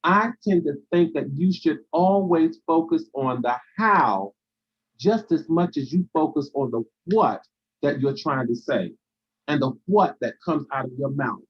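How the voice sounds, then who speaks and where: A man's voice: fairly high pitch, expressive, unhurried, breathy edge, muffled recording. A man hosting a live stream, giving a motivational talk in a preacherly way, repeating phrases for emphasis and answering viewers' comments.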